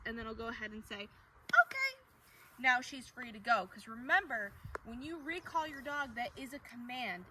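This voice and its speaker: High-voiced woman dog trainer outdoors. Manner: explains calmly, then high excited calls to the dog. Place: outdoors on a walk. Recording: distant mic with outdoor noise.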